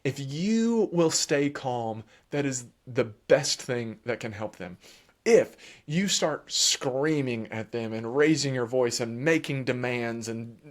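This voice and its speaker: Male child therapist, mid-pitched, calm explainer with animated bursts. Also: takes it slowly. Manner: calm, explanatory, animated at times, with light laughs. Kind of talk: advice talk to parents.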